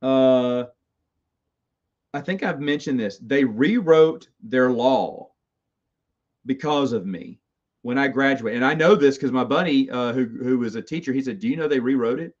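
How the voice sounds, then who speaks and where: Recorded with a slightly dull lo-fi sound, a middle-aged male host tells rambling, self-amused stories from his college years, stumbling into stammered restarts. He has a medium-pitched, animated voice and keeps a measured pace during this casual storytelling.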